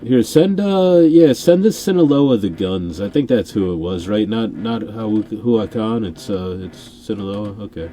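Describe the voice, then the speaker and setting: A man's voice: fairly low pitch, a little slow, hardly any pauses, dark tone. A man hosting a podcast, joking and sarcastic in casual chat. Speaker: podcast host.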